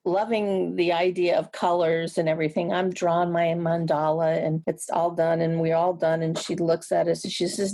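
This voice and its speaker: A middle-aged woman, a counselor guesting on an interview show, telling stories in a reflective, easygoing way with many restarts and soft laughs. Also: fairly low pitch, flat delivery, moderate pace, hardly any pauses. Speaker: guest, energy psychology counselor. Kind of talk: casual interview storytelling.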